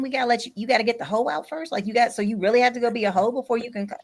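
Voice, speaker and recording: A woman's voice: on the high side, racing, a little mellow. A woman hosting a casual podcast chat, talking frankly and reading listener comments aloud. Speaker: podcast host.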